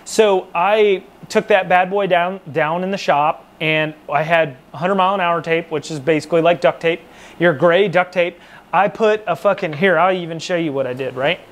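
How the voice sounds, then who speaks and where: A man's voice: high-pitched, normal speed. A man casually telling a rambling, profane, self-mocking story to camera about his time in the military.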